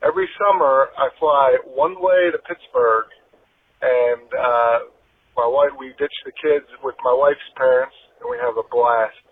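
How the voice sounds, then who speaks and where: A man complains over a tinny phone line in a voicemail, swearing as he vents. His voice is husky and a touch high. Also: no echo. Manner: profane, exasperated complaining. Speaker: voicemail caller.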